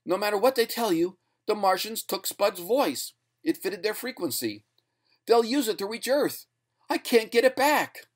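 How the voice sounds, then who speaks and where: A man voicing a panicked male ventriloquist who has lost his voice, crying out in frantic, high-pitched screams. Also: animated, normal speed.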